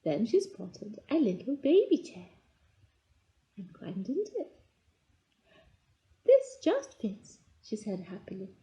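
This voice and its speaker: A woman reading a children's fairy tale aloud, slow and expressive, voicing the characters' lines. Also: mid-range voice, poor audio. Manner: slow, lively storytelling with voiced character lines. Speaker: storybook reader.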